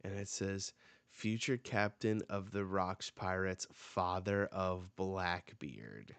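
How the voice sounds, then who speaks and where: A man's voice: deep voice, slow pace, a bit bright, clean tone, no room sound. A man hosting a live reaction, reading comic dialogue aloud and reacting as he goes. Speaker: manga reaction host.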